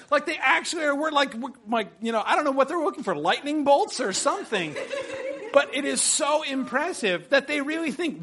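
Animated man leading a class discussion. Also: very high voice, a little fast. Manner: animated, quoting passages with excitement.

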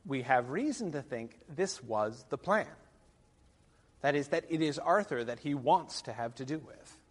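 A man's voice: medium pitch, animated, measured pace, breathy edge. A man lecturing a class, rambling with many fillers and wry asides. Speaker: literature lecturer. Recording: long reverb of a lecture hall.

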